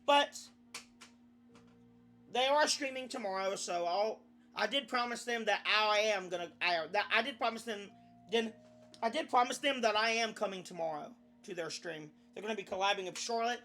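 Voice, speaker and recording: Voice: medium pitch, normal speed, bright, forceful tone, soft background music. A young adult VTuber chatting casually on a live stream, rambling, often restarting sentences and swearing now and then.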